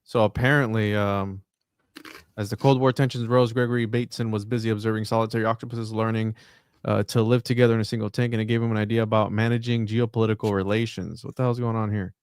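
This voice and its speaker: A man with a smooth, mid-range voice reads an article aloud on a podcast, stumbling a little and tossing in wry asides. The sound is dry and close. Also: on the low side, level tone, darkish tone, dry recording. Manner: halting reading with wry asides. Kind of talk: casual chat, reading an article aloud.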